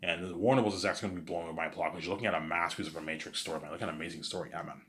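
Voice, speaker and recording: Male vlogger, low-pitched, rapid and rambling, crude, stumbles and restarts often. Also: fairly even intonation, fairly bright tone, a little hiss or hum. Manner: rambling, profane, keeps saying "you know what I'm saying". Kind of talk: casual storytelling.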